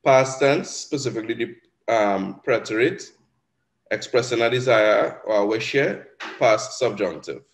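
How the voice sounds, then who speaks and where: A man's voice: mid-range voice, measured pace. A man with a Caribbean accent teaching an exam revision lesson, explaining patiently and often checking in with "right?". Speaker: Spanish teacher.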